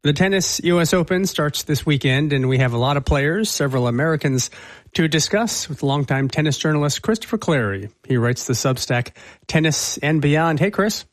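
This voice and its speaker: Brisk, slightly high male host. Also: animated, no room sound. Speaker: radio host. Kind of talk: interview introduction.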